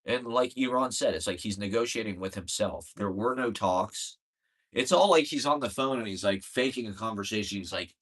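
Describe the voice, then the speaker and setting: A man's voice: on the low side, moderate pace, a bit bright. A man in a casual political rant, profane, exasperated and rambling, with many fillers.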